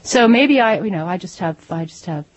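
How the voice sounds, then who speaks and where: Author guest, middle-aged woman, slightly low and breathy, lively with self-interruptions. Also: moderate pace, dull audio. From Lancaster, Pennsylvania. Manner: animated, self-interrupting, laughs easily. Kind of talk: radio interview conversation. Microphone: studio microphone.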